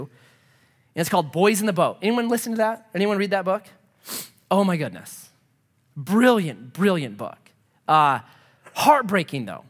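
Earnest higher-voiced man preaching. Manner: earnest, emphatic, rising and falling preaching; drops to a soft hush for prayer. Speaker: pastor. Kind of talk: sermon.

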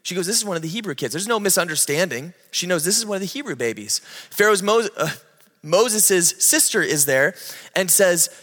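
A male pastor with a bright, forceful voice that sits a little high, preaching with animated storytelling. His voice carries a long reverb from a large hall. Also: fairly quick. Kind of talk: sermon.

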